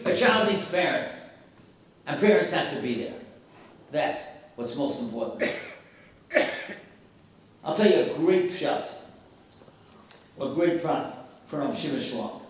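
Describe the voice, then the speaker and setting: A man giving an emphatic sermon-style talk with stories and rhetorical questions to an audience in a hall. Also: high voice. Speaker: speaker at a memorial gathering. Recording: very echoey hall, voice far from mic.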